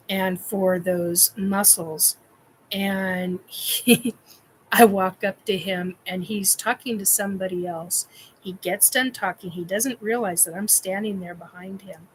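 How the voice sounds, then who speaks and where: A woman's voice: mid-range voice, a bit bright, a little hiss or hum, poor audio. A woman hosting a casual chat show, telling a funny personal story in a candid, blunt way and laughing often. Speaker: podcast host.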